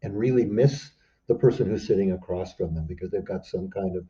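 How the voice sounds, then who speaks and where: A man speaking as a therapy trainer in an interview, making thoughtful, measured remarks with small restarts. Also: low-pitched, mellow, muffled recording. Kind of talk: reflective interview conversation.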